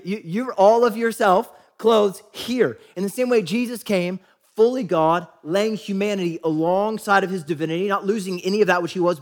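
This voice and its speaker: A male pastor with a voice that sits high preaches a sermon in a casual, conversational style. He often asks "right?" and acts out the lines he quotes.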